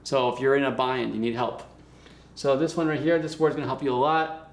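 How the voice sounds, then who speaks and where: Gravelly man teaching in an echoey room. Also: mid-range voice, fairly even intonation. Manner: explains patiently and models words by repeating them slowly. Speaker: language teacher. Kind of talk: casual video lesson. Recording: echoey room with faint music.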